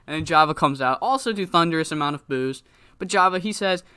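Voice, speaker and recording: A man telling the story of a wrestling game playthrough in an animated, profane style, laughing often. His voice is bright and clear. He is crisp and easy to follow. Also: a little high, fast talker. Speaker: gamer narrating a wrestling sim. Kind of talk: casual, profane let's-play commentary.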